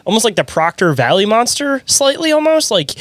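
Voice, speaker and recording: A man's voice: high-pitched, sing-song, a little fast, fairly bright tone, no echo. A man hosting a podcast who chats casually, rambling and hedging with many "like"s. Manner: rambling, heavy use of "like", hedging. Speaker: podcast host. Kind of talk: casual chat.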